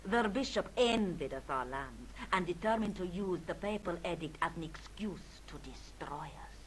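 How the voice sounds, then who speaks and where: An actress playing an aristocratic older countess, speaking formally in a studio-recorded adventure game. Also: female voice, on the low side, animated, normal speed, a little hiss or hum, lightly acted, low-quality recording. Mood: somber. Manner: formal, stately. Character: aristocratic older Spanish countess, proud but weary. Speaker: game character.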